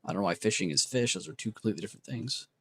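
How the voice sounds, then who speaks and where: A man's voice: fairly low pitch, rapid-fire, gravelly, breathy edge. A man hosting a casual livestream, muttering word guesses to himself and reacting to chat with self-mocking remarks. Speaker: livestream host.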